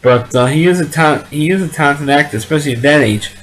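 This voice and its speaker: A man's voice: on the high side, fast, a bit bright, rough recording. A man giving a casual spoken movie review, rambling along and often repeating and restarting his words.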